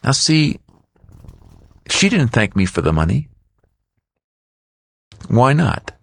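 A middle-aged man, an author and guest, telling an animated story in an interview and acting out other people's voices. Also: medium pitch, slow pace, vocal fry, no room sound.

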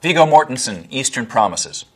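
A man's voice: mid-range voice, very animated, moderate pace, music in the background. A man giving blunt, analytic voice-over commentary on film accents, sometimes imitating lines.

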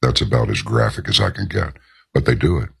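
A man's voice: very deep voice, big pitch swings, brisk, creaky, slightly rough. A man hosting a talk radio show, delivering an emphatic opinion monologue and drawing out the words he stresses.

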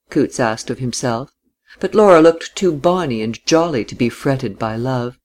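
Male narrator, audiobook novel, measured, even, mid pitch.

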